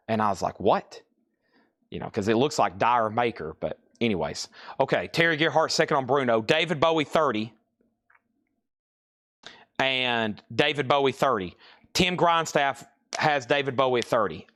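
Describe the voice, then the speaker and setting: A man's voice: medium pitch, fairly bright tone. A man running a live-stream record sale, calling out lots and bids with casual asides. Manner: rapid lot calls and bid tallies with casual asides. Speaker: live auction seller.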